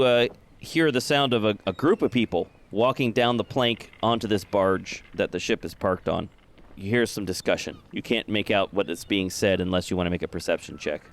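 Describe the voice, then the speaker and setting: A man narrating as game master in a tabletop game, with halting delivery full of filler sounds. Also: fairly low pitch, clean tone.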